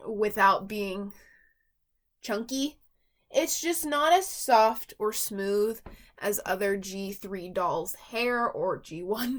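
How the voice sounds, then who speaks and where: A woman's voice: medium pitch, fairly bright tone. A woman reviewing a doll from her collection in a rambling, chatty vlog with lots of fillers and asides. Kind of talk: casual vlog chat.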